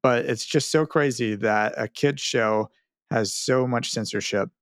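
A man's voice: mid-range voice, a little slow, no room sound, studio quality. A man hosting a podcast, chatting casually and reading listener mail with wry, self-mocking humor. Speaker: podcast host.

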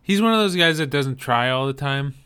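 A man's voice: mid-range voice, expressive, brisk, fairly bright tone, smooth. A man co-hosting a podcast, chatting casually about movie trailers and explaining details with frequent restarts. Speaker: podcast co-host.

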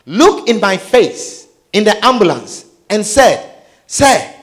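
High-voiced man telling a dramatic testimony. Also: very animated, slow pace. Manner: vivid, dramatic retelling that swings between hushed and shouted.

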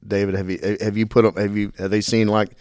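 Deep-voiced man hosting. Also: fairly quick, no echo, clean studio sound. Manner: relaxed, drawling, says y'all. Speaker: podcast host. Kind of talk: casual interview.

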